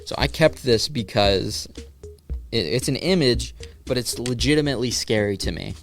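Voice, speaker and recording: A man's voice: mid-range voice, animated, moderate pace, faint music behind. A man hosting a solo podcast in casual chat, riffing sarcastically and swearing freely. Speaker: podcast host.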